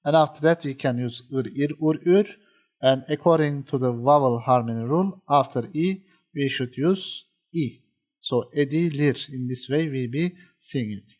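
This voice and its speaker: A man's voice: medium pitch, normal speed, a little mellow, highs cut off. Patient male grammar teacher. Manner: patient, repeats points, many fillers. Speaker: Turkish language teacher. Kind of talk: explaining grammar to viewers.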